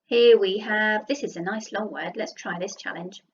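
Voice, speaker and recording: Southern English teacher sounding out letters. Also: female voice, mid-range voice, lo-fi sound, slight background noise. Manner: sounds out letters slowly and praises warmly. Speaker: primary school teacher. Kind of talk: recorded phonics lesson for young children. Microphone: computer mic while writing with a mouse.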